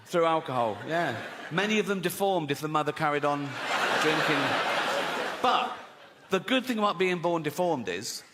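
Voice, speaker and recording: A man's voice: a little high, animated, moderate pace. Man doing stand-up in a hall. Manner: laughs at his own jokes, acts out voices. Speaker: stand-up comedian. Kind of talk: stand-up comedy set. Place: large live venue before an audience. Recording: live hall reverb, faint crowd noise.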